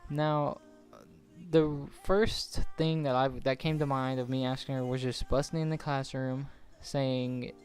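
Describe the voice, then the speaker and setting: Young man, late teens, casual story over gameplay, rambling, profane, mid pitch, faint background music. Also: little pitch movement, measured pace, darkish tone, clear, resonant tone. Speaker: gaming channel host.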